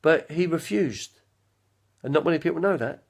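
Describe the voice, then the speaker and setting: Guy doing a smug movie star bit, gravelly, drawls and pauses, kinda high. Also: lively intonation. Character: boastful older male London film star, laid-back. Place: home.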